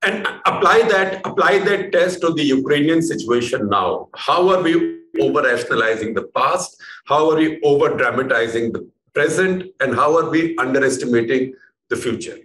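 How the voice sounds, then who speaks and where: Male interview host, slightly high voice, rambling questions; roomy echo, faint background hiss. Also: animated, normal speed, a bit bright. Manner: chatty, winding questions with fillers. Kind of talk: interview hosting. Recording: echoey room with faint noise.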